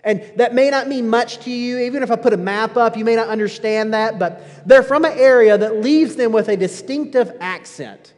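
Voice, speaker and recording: A man preaching a sermon, emphatic and full of rhetorical questions, often dropping low at the ends of phrases. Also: normal speed, hardly any pauses. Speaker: pastor. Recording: long hall reverb.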